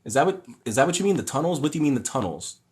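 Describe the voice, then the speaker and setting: His pitch is fairly high and swings widely, his delivery very fast and a little mellow. He's a young adult man hosting a casual livestream, reading comments aloud and rambling opinionated responses with many fillers and restarts, mimicking people mockingly when he paraphrases them.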